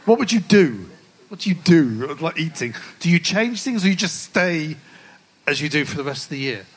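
A man's voice: on the high side, very animated, normal speed, slightly rough, rough recording. A male podcast host interviewing a guest at a live club show, chatty, jokey and enthusiastic as a fan. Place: live stage event at a club.

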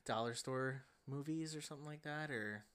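A young man co-hosts a casual podcast in a rambling, self-deprecating way. His voice sits at a middling pitch, and his talk is loose and full of fillers. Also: normal speed, a bit bright, clean tone. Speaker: podcast co-host. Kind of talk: casual chat.

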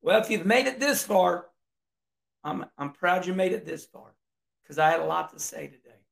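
A middle-aged man, a racing commentator, delivering an emphatic, fired-up rant to camera with loud whoops. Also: high-pitched, animated, moderate pace, vocal fry.

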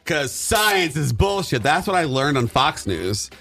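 A man's voice: on the high side, big pitch swings, measured pace, vocal fry, fairly bright tone, slightly rough, soft background music. A man co-hosting a casual podcast chat, rambling with many restarts and laughing often. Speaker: podcast co-host.

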